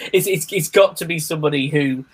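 A man's voice: on the high side, noisy background. Male podcast host, casual wrestling talk, laughs a lot. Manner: laughs often, leads the segments.

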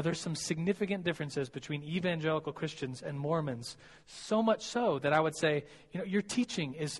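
A young preacher gives a chatty, self-deprecating sermon to college students, giggling and stumbling over his words. His voice is fairly high, and it echoes in a large hall.

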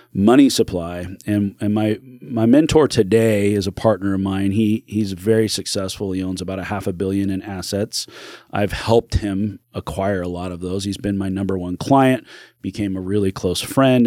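Low-voiced man talking in a dry studio. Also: mellow, no echo. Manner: earnest, rambling with restarts, acts out quoted voices. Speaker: podcast guest, real estate broker. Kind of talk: casual interview talk.

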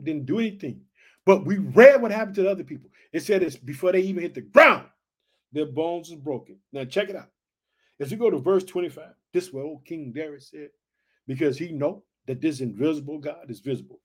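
High-voiced, fiery male preacher. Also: breathy edge. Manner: exclamatory, repeats calls to the listeners. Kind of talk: fiery sermon with scripture reading.

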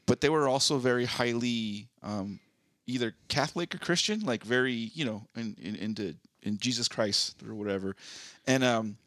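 A man's voice: medium pitch, moderate pace, a bit bright, dry recording, clean studio sound. A young man co-hosting a podcast in casual chat, rambling and laid-back with lots of fillers. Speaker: podcast co-host.

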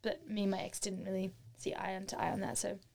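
A middle-aged Australian woman telling a story in casual chat, animated and chatty, laughing often and acting out what people said. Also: mid-range voice, fast, gravelly. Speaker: interview guest.

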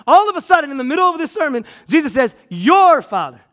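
Male pastor, high voice, energetic sermon delivery, emphatic restarts. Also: fast talker. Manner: energetic, repetitive preaching with restarts and emphatic repeats. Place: church auditorium.

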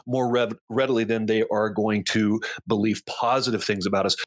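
Halting, low-voiced male coach. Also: fairly even intonation. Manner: halting, many restarts, explanatory. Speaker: coach and podcast co-host. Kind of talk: casual conversational podcast.

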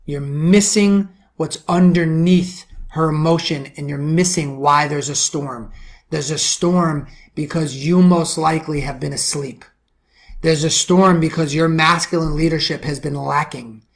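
Middle-aged New York man, men's coach and podcast host, slightly high-pitched, forceful motivational delivery. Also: steady tone, a little slow, creaky. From the Bronx, New York. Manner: forceful preaching, rhetorical questions, drops to low intense tones. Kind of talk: motivational monologue.

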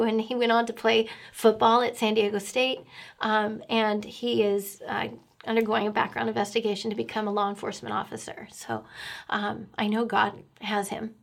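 A middle-aged woman speaks with an earnest, emotional tone. Her pitch stays fairly level and flat, and she hesitates often with fillers as she tells her testimony. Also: normal speed, gravelly. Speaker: guest sharing testimony. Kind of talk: personal faith testimony.

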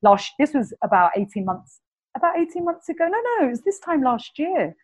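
A woman with a Cockney English accent, speaking as a guest healer in an enthusiastic, animated spiritual conversation. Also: sits high, a little fast, poor audio. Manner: animated, enthusiastic storyteller, repeats words.

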